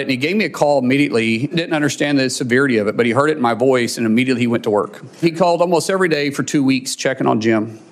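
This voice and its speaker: A middle-aged man, a father, telling a personal story in a heartfelt, halting way, choked up with emotion and restarting his sentences. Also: mid-range voice. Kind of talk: personal testimonial.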